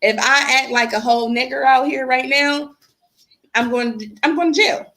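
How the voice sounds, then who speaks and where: Animated woman telling stories. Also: high-pitched, normal speed. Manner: animated storytelling with acted-out quotes. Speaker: podcast guest. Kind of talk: casual chat.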